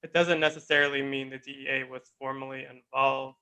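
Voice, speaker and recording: Bright, measured male co-host. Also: mid-range voice, level tone, clear, resonant tone, poor audio. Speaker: podcast co-host. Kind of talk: casual discussion.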